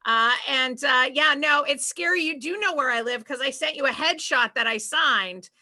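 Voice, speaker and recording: A woman's voice: high voice, a crowd in the background. A middle-aged woman with a Boston accent doing a chatty, self-deprecating stand-up set over a video call. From Boston area, USA. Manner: chatty, self-deprecating, breaks into quick put-on voices. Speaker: stand-up comedian.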